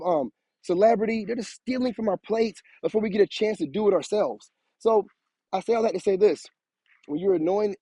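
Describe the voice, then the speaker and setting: A man's voice: high-pitched, mellow, breathy edge, dry recording. A man, giving an emphatic, repetitive motivational monologue to his viewers. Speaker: spiritual content creator.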